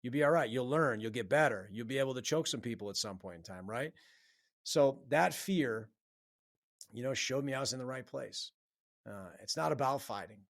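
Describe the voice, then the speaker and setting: A man's voice: medium pitch, normal speed, no room sound, studio quality. A man hosting a solo podcast, giving a blunt, profane, fired-up pep talk. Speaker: podcast host. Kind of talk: solo motivational podcast monologue.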